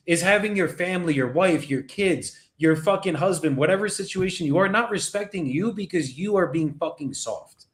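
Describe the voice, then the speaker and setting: A man's voice: high voice, moderate pace, few pauses. A man hosting a casual motivational talk, blunt and heavily profane.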